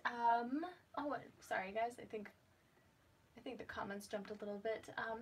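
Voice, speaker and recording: A woman's voice: on the high side, a little slow, a little hiss or hum. A woman hosting a casual live writing stream, chatting and reading out viewer comments. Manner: chatty, many ums and restarts, reads out viewer comments.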